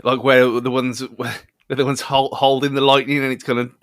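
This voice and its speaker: A man's voice: medium pitch, flat delivery, moderate pace, a bit bright, clean tone, no echo, studio quality. A man co-hosting a podcast, chatting about a film in a rambling way with frequent restarts. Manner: rambling, many restarts and fillers. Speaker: podcast co-host. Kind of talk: casual film review chat.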